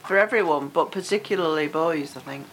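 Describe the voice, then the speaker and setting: Older woman, radio guest, lower voice, earnest and agreeable, faint noise. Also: a little fast, low-quality recording. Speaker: guest, knitting group member. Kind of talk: casual radio interview.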